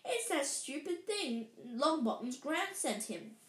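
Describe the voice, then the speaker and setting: A woman's voice: sits high, sing-song, slow, fairly bright tone, voice pushed up, full character voice. Sneery bully boy, lady reading him out, jeering, roomy sound. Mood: taunting. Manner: mocking, taunting. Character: sneering spiteful schoolboy bully. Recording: roomy echo.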